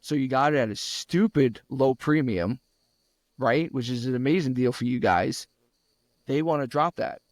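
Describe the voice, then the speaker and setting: A man's voice: medium pitch, moderate pace, no room sound. A young adult man co-hosting a podcast, telling a home repair story in casual, profane chat and acting out what others said. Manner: profane storytelling with acted-out quotes; rants loudly when worked up. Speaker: podcast co-host.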